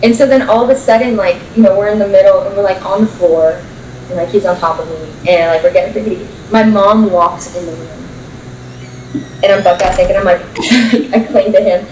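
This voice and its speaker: A young woman tells a story as a podcast guest, blunt and profane and quick to laugh. Her voice sits at a middling pitch. It sounds roomy and a little off-mic. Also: fairly even intonation, darkish tone, recorded from a distance, slight background noise. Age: young adult. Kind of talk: casual chat, storytelling.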